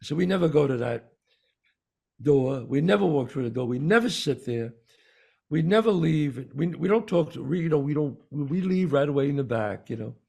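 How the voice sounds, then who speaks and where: Gravelly, husky man telling a story. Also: a little high, animated, moderate pace, dark tone. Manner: emphatic, repeats words for stress. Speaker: podcast co-host. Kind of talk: casual storytelling chat.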